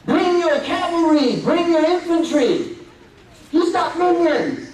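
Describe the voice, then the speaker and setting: A man's voice: very high-pitched, very animated, takes it slowly, darkish tone. A man giving an impassioned Friday sermon in a mosque, emphatic and full of rhetorical questions. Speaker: preacher. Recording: echoey hall, mic at a distance.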